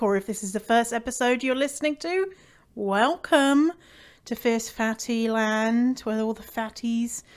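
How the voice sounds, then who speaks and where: A woman with a slightly high voice hosts her podcast from home. She talks in a casual, chatty monologue, playful and upbeat, full of fillers and asides. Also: clear, resonant tone. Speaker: podcast host. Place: at home indoors.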